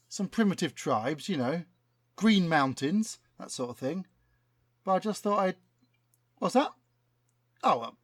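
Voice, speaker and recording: A man's voice: on the high side, fairly bright tone, no room sound, clean studio sound, heavily acted. A man playing a breezy, upbeat young Jesus who is planning a gap year, in an improvised sketch.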